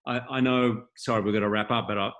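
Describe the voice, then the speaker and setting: A man with a somewhat low voice, speaking over a video call as an interviewee. He tells candid, reflective stories and shares his feelings openly. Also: steady tone, fast, fairly bright tone, dull audio. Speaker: guest interviewee, patron of an acting school. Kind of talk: candid anecdotal storytelling.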